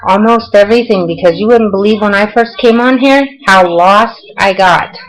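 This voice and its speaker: Older woman, Southern US accent, folksy vlog chat, self-deprecating, mid pitch. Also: normal speed, low-quality recording. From Southern United States. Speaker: vlogger. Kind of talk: casual vlog answering tag questions.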